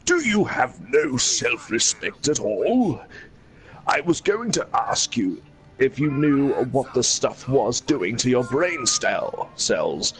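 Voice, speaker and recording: A man voicing a haughty doctor in a comedy skit, speaking in a slow, sneering way. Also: medium pitch, sing-song, voice pushed up. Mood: scornful. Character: haughty, contemptuous posh male doctor.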